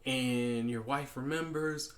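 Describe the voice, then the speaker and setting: A man speaking in a relaxed, conversational monologue at a middle pitch. He often restarts his sentences and slips into quick acted-out exchanges to make his point. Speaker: podcast host. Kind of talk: casual monologue giving life advice.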